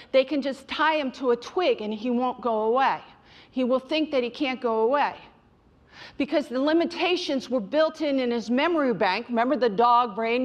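A middle-aged woman giving a direct, emphatic motivational talk on mindfulness to an audience she calls you guys. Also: a little high. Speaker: mindfulness speaker.

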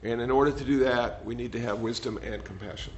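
An older man gives a gentle, meandering dharma talk, often stumbling over and repeating his words. The recording sounds a little dull, with faint background noise. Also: medium pitch, fast talker. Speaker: meditation teacher. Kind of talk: dharma talk with audience questions.

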